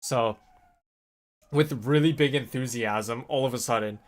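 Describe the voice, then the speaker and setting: A man vlogging in a casual, rambling storytelling way, animated when he quotes people. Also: mid-range voice, a little slow. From North America. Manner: rambling, animated when quoting others, laughs often.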